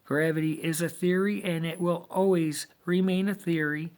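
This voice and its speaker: A man delivering a lecturing monologue, emphatic and deliberate, with many rhetorical questions. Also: fairly high pitch, steady tone, darkish tone. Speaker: video monologue host.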